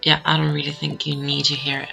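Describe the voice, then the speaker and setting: A woman chatting casually over her gameplay, rambling with plenty of fillers. Her voice is bright with a strong vocal fry. Faint game music plays behind her. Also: low-pitched, monotone, a little fast. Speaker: gameplay commentator. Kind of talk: casual let's-play commentary. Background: game audio.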